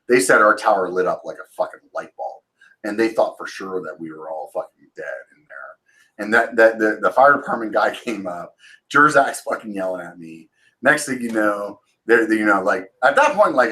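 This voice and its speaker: A man's voice: mid-range voice, bright, forceful tone, low-quality recording. A man in his forties telling a long story casually as a channel host, swearing freely and rambling with fillers and restarts, now and then acting out quotes in a raised voice. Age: 40s.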